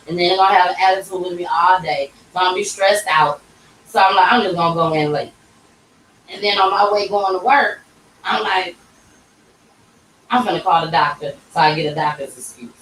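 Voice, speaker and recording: A woman's voice: fairly low pitch, fairly quick, long pauses, a little hiss or hum. Young woman w/ aave telling her story, all worked up, voice bouncing in a roomy space, a bit far off the mic. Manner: emotional, animated retelling with quoted voices. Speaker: podcast host. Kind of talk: personal storytelling. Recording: roomy echo, distant mic.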